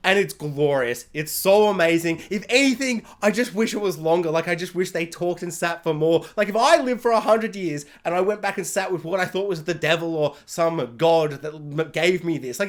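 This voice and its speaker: Excitable high-voiced male reviewer. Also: moderate pace, hardly any pauses. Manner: excitable, rambling, lots of fillers. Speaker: show reviewer. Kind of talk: casual review rant.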